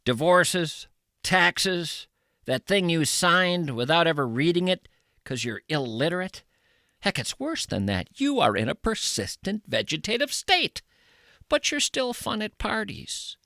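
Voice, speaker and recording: A man hosting, delivering a deadpan, playful comedic monologue and ad read. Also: high voice, a little slow, no room sound, clean studio sound. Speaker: host.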